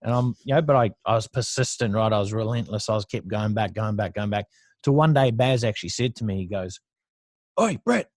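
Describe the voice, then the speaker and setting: A blunt, talkative Australian entrepreneur in his thirties swaps stories in a casual interview, swearing freely. He speaks quickly, his voice lowish and a little mellow, and the studio sound is clean with no echo.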